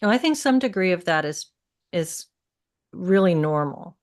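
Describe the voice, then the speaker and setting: A woman with a somewhat low voice hosts a casual panel conversation. She reads viewer comments and thinks aloud, pausing and restarting her sentences as she works out what she means. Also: expressive. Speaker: host reading viewer comments.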